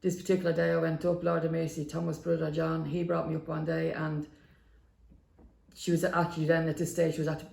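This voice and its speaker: A middle-aged woman with a Dublin accent tells family stories in a lively, chatty way. Her voice is gravelly and carries a roomy echo. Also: low voice, a little fast. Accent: Dublin Irish. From inner city Dublin. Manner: lively storyteller, acts out quotes. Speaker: guest. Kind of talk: storytelling in a podcast interview.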